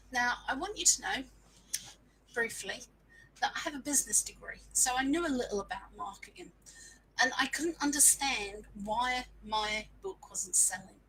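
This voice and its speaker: A woman's voice: on the high side, a bit bright, a little hiss or hum, rough recording. A woman, telling a frank, self-mocking story in a casual live stream and sprinkling in mild swearing. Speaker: small business owner sharing marketing lessons.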